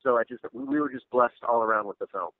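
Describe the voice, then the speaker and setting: A man's voice: medium pitch, quick pace, dry recording. A man being interviewed about his film, talking casually with lots of fillers and restarts. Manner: rambling, full of fillers and restarts. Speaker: actor and filmmaker guest. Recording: tinny dry phone line.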